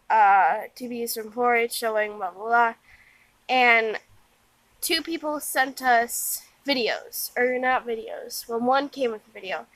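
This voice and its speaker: A woman's voice: on the high side, measured pace, a bit bright, no room sound, poor audio. A tired young woman giving a rambling, casual vlog update outdoors in the wind, full of fillers and restarts. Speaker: vlogger.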